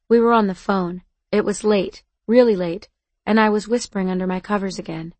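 A woman's voice: medium pitch, fairly quick, darkish tone. A woman narrates a first-person story in an earnest, conversational way. The recording is dry and close, with no room echo at all. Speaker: audiobook narrator.

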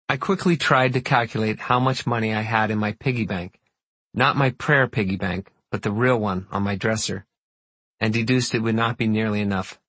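Male audiobook narrator, first person, husky, dry close sound. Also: on the low side, fairly even intonation, normal speed, fairly bright tone, no room sound.

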